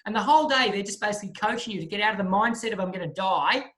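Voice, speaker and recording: A man, a guest speaker telling a lively story in a talk and acting out the people in it. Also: high-pitched, rapid-fire. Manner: lively storyteller who acts out the voices of the people in his story.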